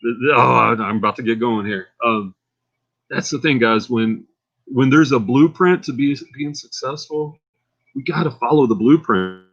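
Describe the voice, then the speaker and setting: A man's voice: mid-range voice, moderate pace, lo-fi sound. A man with a Texan accent hosting a casual livestream, rambling and getting fired up as he talks. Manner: rambling and excitable, gets fired up. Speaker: livestream host.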